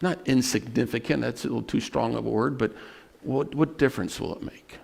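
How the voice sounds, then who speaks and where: A man preaching a sermon as pastor, telling personal stories in an earnest way and slowing down to stress scripture. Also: medium pitch, creaky, a little mellow, breathy edge. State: emotional at moments.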